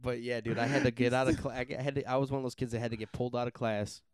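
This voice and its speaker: A man's voice: medium pitch, level tone, racing, smooth, no echo, clean studio sound. A young man co-hosting a podcast, chatting casually in a small room, rambling and laughing as he talks. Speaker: podcast co-host. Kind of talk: casual chat. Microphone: podcast mic with headphones.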